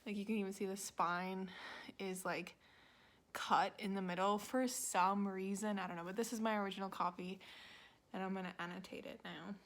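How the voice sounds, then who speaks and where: A woman in her twenties, a book vlogger rambling in casual chat, filling her talk with "like" and dropping into quiet asides. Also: mid-range voice, steady tone, normal speed. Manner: rambling, heavy use of "like", quiet muttered asides.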